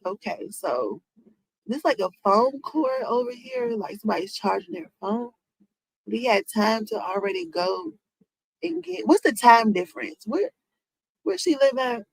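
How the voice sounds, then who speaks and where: Gravelly woman chatting with her stream. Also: a little high, expressive, a little slow, rough recording. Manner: talks to chat, rhetorical questions, African American Vernacular English phrasing. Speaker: streamer reacting to celebrity news. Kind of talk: casual reaction chat to viewers.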